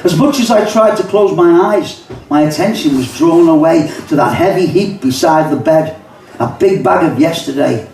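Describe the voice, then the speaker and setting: An older man with a Liverpool accent reads rhyming poems to a pub audience, mixing chatty asides into the verse. His voice sits fairly high. It is heard from a distance with heavy room echo. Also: normal speed, gravelly, darkish tone, a little hiss or hum. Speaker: poet and songwriter. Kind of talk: live poetry reading. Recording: echoey pub, mic far off.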